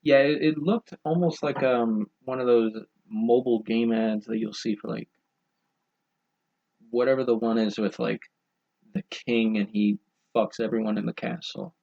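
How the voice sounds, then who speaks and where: A man's voice: mid-range voice, steady tone, normal speed, vocal fry, a little mellow. A young man co-hosting a podcast, chatting casually and making crude, rambling jokes. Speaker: podcast co-host. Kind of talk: casual chat. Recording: dull lo-fi podcast audio.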